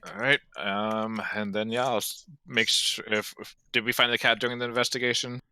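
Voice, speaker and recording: A man's voice: mid-range voice, flat delivery, moderate pace, sharp tone, clean tone, no echo. A man playing in a tabletop game, hesitant, often restarting his sentences. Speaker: player. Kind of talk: casual tabletop play.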